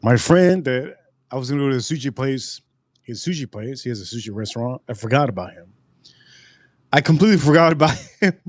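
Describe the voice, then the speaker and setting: A man chatting casually on a live stream, wandering from topic to topic and saying each line twice or three times. His voice sits at an ordinary middle pitch, and the sound is dry and close with no room around it. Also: expressive, fairly quick, dry recording. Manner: rambling, repeats phrases, talks straight to chat. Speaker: livestream host reviewing drinks.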